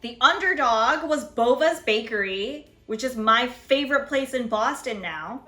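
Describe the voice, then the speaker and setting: A woman's voice: a little high, expressive, measured pace, pushed and bright. A young woman who hosts a food show, chatting casually about her old videos and laughing often. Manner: chatty, laughing, lots of "like" fillers. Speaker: food video producer and host.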